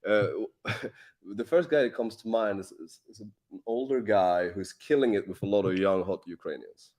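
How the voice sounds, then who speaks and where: Relaxed, blunt male co-host. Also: fairly low pitch, normal speed. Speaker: dating coach and co-host. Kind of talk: casual podcast chat.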